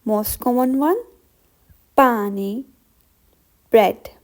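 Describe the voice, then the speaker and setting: A young woman teaching vocabulary in a lesson, slowly and deliberately repeating each word. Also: on the high side. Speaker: language teacher.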